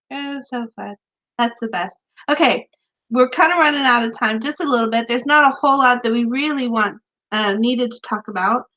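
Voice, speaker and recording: A woman in her thirties or forties co-hosting a casual chat about writing, animated and full of fillers, laughing often. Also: a little high, moderate pace. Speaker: podcast co-host, author. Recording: dull lo-fi sound.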